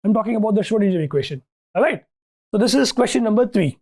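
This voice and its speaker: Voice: mid-range voice, lively intonation, fast talker, darkish tone. Lecturer checking in with "okay, right?". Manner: thinks aloud with restarts and fillers. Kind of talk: university lecture.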